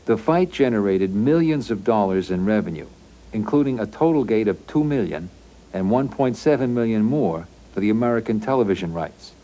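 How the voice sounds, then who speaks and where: Low-voiced male documentary narrator. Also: normal speed. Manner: steady, factual delivery. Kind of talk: scripted narration.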